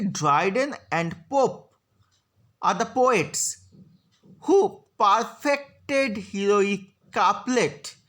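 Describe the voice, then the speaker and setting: Slow, deliberate woman lecturing. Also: mid-range voice, fairly bright tone. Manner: slow, deliberate, spelling out syllables. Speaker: literature lecturer. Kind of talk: slide lecture on poetry.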